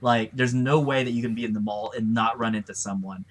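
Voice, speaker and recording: Male host, chatty and laughing, mid-pitched voice. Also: steady tone, a little fast. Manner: laughs often, rambling anecdotes. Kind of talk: casual chat.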